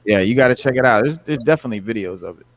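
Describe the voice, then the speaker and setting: A man's voice: medium pitch, animated, very fast, a crowd in the background. A man hosting a podcast in casual chat, rambling along with lots of "like" and "you know.". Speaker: podcast host.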